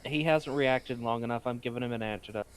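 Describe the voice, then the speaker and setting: A man's voice: mid-range voice, fairly quick, clean tone. A man playing a tabletop game in a matter-of-fact way with dry humor. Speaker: player.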